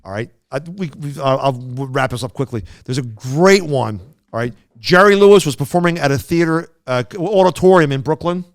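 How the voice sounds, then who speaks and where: Rambling storyteller man, smooth voice. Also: fairly high pitch, lively intonation, brisk, few pauses, no room sound, studio quality. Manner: rambling anecdotes with restarts and mimicked quotes. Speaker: podcast co-host. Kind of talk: casual storytelling chat.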